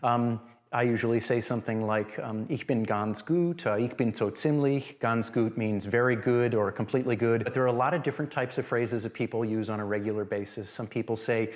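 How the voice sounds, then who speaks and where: A man's voice: mid-range voice, little pitch movement, brisk, hardly any pauses. A man being interviewed who explains everyday phrases in a hesitant way, with many ums and uhs. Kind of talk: explaining on camera.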